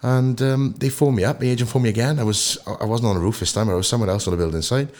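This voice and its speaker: A young Welsh man chatting as a podcast guest, telling stories in an animated way and acting out the voices of people he quotes. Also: medium pitch, very fast. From Wales. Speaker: guest actor. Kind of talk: casual podcast storytelling.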